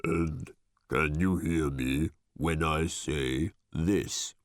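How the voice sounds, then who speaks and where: A man voicing a strange, chatty, shape-shifting bird-like machine in an audiobook, its pitch jumping from very high to very deep. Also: no room sound, studio quality, heavily acted. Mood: matter-of-fact. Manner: shifts pitch wildly, calm and briskly matter-of-fact. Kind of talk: audiobook character voice.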